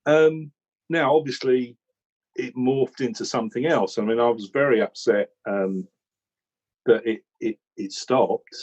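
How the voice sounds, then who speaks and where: Rambling, animated Englishman with a husky voice. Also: medium pitch, a little slow, dull audio. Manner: rambling, animated storytelling with many restarts. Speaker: regular commentator recalling how he joined. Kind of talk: casual chat.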